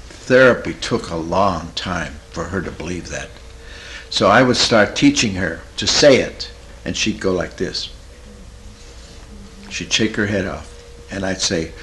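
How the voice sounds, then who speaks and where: A man's voice: sits low, a little slow, a little hiss or hum, low-quality recording. Folksy man telling a counseling story. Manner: folksy, earnest, animated retelling. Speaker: Christian therapist. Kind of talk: storytelling talk.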